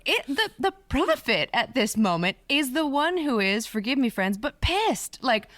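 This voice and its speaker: Animated woman on a dry mic. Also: measured pace, dry recording. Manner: animated, acts out quoted voices with big pitch jumps. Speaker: biblical scholar on a podcast panel. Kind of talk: casual panel discussion.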